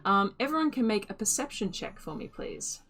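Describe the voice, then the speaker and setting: A woman game master narrating a fantasy one-shot, lively and easygoing, with a bright, clear voice. She keeps the story moving and laughs along with her players. Soft music plays faintly behind her. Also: medium pitch, fairly quick.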